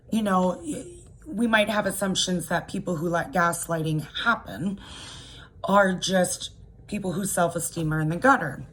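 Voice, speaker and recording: Woman coach explaining, chatty and lowish. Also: a bit bright, a little hiss or hum. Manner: chatty, explanatory, frequent "okay?" check-ins. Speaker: life coach. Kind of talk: informal talk to camera.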